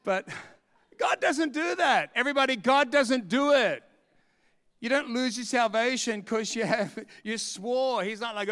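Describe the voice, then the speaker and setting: A man with a high, bright and crisp voice preaches to his church. He mixes in jokes and funny stories and laughs often. The tone stays clear and lively the whole way through. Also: unhurried, long reverb tail. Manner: humorous storytelling, laughing often. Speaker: pastor. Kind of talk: sermon.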